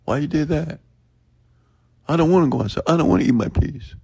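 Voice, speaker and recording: Bratty whining kid, high and pleading, put on by a deep-voiced man. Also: a little fast, vocal fry, darkish tone, breathy edge, dry recording, studio quality. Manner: whiny, complaining. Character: whining young child begging for candy.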